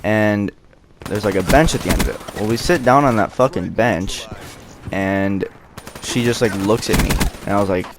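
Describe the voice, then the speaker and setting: A man's voice: fairly low pitch, moderate pace, noisy background. A young man vlogger telling a rambling, profane, self-mocking story in casual chat.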